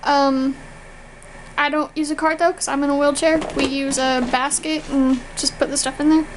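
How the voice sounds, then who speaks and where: A woman's voice: sits high, flat delivery, normal speed, background noise. A young American woman from Virginia, chatting casually through an accent challenge video, rambling a little and correcting herself as she goes. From Virginia, USA. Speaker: vlogger.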